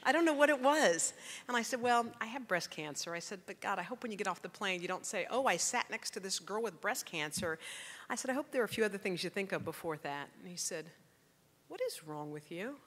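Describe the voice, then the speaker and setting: A middle-aged woman giving a storytelling speech, acting out the dialogue of her story with lively delivery. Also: medium pitch, fast talker. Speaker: keynote speaker. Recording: long hall reverb.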